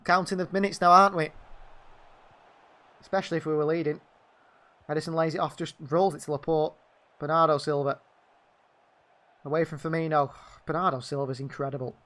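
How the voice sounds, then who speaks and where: A man's voice: a little high, fairly even intonation, a little fast, long pauses, a bit bright. A man giving partisan live fan commentary on a football match, calling the play and venting at the referee. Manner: partisan, indignant outbursts at the referee.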